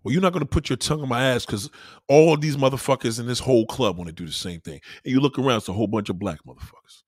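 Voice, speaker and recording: A man's voice: medium pitch, fast, breathy edge, dry recording, clean studio sound. A man doing a profane stand-up comedy routine on a club stage, acting out the voices he quotes.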